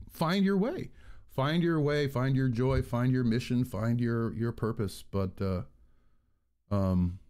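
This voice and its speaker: A man ranting into an earbud mic on his own channel, rambling and swearing freely as he goes. His pitch rises and falls in a lively way, and he sounds exasperated throughout. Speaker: channel host. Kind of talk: casual vlog rant.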